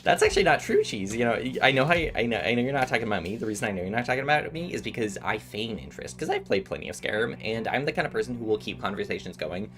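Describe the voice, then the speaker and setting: A man's voice: lowish voice, huge pitch swings, rapid-fire, hardly any pauses, fairly bright tone, soft background music. A man in his twenties streaming while gaming, chatting casually and telling rambling stories with many restarts. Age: 20s. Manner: rambling storytelling with frequent restarts.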